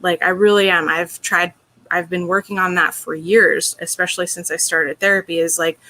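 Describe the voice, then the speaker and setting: A woman's voice: lowish voice, fairly even intonation, normal speed, sharp tone. A woman being interviewed, telling a personal story in an earnest, open way, with lots of "like" and "you know". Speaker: interview guest.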